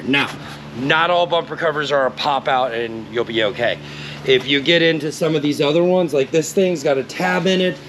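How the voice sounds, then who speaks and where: A laid-back man with a fairly high voice talks through a car repair step by step, cursing casually as he works. He is recorded on a camera mic in a garage. Clear workshop and vehicle noise runs behind him. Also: low-quality recording. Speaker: DIY car repair host. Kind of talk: casual how-to walkthrough.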